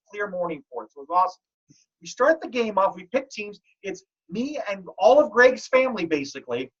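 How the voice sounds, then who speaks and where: A man hosting a fantasy football league podcast, telling stories in a joking, animated way. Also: high-pitched. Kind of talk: casual podcast chat. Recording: dull lo-fi audio.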